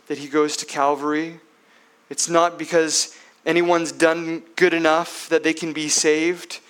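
Pastor, male, high voice, unhurried delivery, emphatic sermon with loud and hushed swings. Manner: asks rhetorical questions.

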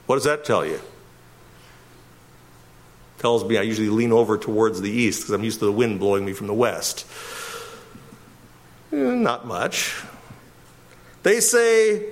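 A man's voice: a little high, animated, moderate pace. A middle-aged man from Canada giving expository Bible teaching as a pastor, emphatic and often chuckling. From Winnipeg, Canada.

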